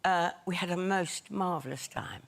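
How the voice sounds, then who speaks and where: A woman's voice: lowish voice, moderate pace, creaky. An older woman, a talk show guest telling amused anecdotes. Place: TV studio with audience. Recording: studio audience noise.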